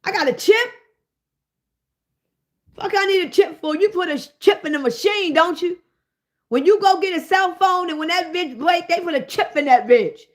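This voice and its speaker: High-voiced woman ranting, loud and profane. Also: normal speed, pauses often. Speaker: livestream host. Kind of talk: profane livestream rant.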